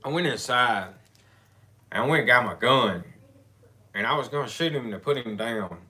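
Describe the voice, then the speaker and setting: A man with a bright, forward voice tells a story in a casual conversation. He rambles and restarts often, circling back on his words as he goes. His pitch sits in an ordinary middle range. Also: animated. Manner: rambling, halting, with many restarts. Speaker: storyteller in a couple's chat.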